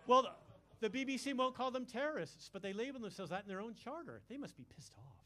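A man in his sixties doing a live stand-up set on a club stage, crude and self-mocking, with quick asides to the crowd. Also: extremely high pitch, lively intonation, pushed and bright. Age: 60s. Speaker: stand-up comedian.

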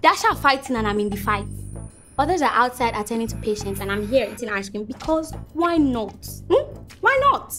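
Chatty young doctor with a bright, high voice. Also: female voice, big pitch swings, moderate pace, soft background music. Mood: playful. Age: young adult. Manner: chatty, talks to camera; pleading and soothing.

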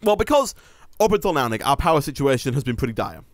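A man's voice: mid-range voice, big pitch swings, dry recording, clean studio sound. A man hosting a gaming video, chatting and joking with his co-host over a voice call. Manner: chatty, jokey, quick to laugh.

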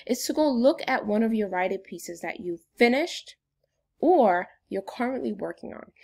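A woman teacher leads a phonics lesson for young children. Her voice sits at an ordinary middle pitch, and her delivery is upbeat and sing-song, the way a teacher talks to small kids. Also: gravelly.

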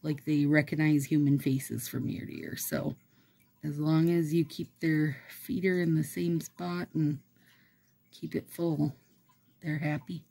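A woman's voice: sits low, level tone, measured pace, vocal fry, mellow, husky. A woman vlogger chatting casually and rambling while she does her nails. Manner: rambling, chatty, laughs often. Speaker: nail and manicure vlogger. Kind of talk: casual chat while doing a manicure.

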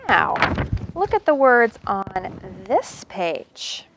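A woman teacher in a classroom reading a storybook aloud to young children, with expressive sing-song delivery and questions to the class. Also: fairly high pitch, slight background noise. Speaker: preschool teacher.

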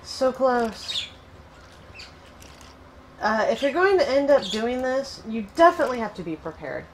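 A woman hosting casual gameplay commentary, chatty and excitable, cooing fondly at her in-game pet. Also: on the high side, a little slow, a little hiss or hum, rough recording. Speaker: gaming channel host.

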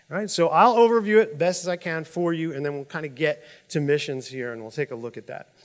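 Male pastor, sermon, somewhat high voice, conversational, animated storyteller, tosses in "right?" asides. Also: long reverb tail. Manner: animated storytelling, chuckles at own jokes.

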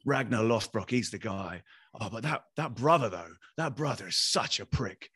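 A man's voice: on the low side, moderate pace, slightly rough, no echo, studio quality. A man voicing a chatty, blunt London cab driver in a story he tells. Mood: gossipy. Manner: blunt, gossipy, excitable.

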